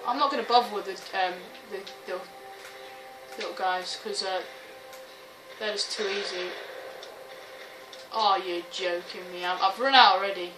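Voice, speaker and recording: A woman giving excitable let's-play commentary, swearing, shrieking and laughing often. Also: medium pitch, measured pace, long pauses. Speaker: gaming video host. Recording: roomy, distant mic with game music. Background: game music and sounds.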